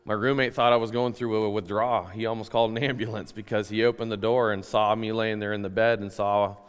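Earnest low-voiced man in a reverberant hall. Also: flat delivery, clean tone. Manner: earnest, halting, many restarts. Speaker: preacher giving testimony. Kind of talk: sermon testimony.

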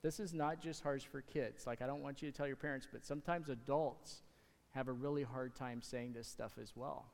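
A man talking to the kids in church, giving a casual, halting object lesson from the stage. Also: mid-range voice, fairly even intonation, gravelly. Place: church sanctuary. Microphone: handheld or stage mic. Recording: hall reverb in a sanctuary.

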